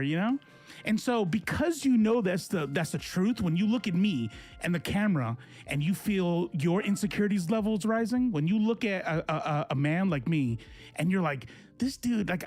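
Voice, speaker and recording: A man in his forties, a political streamer, ranting to his chat in a confrontational, sarcastic way. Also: fairly high pitch. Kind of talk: casual livestream rant to chat.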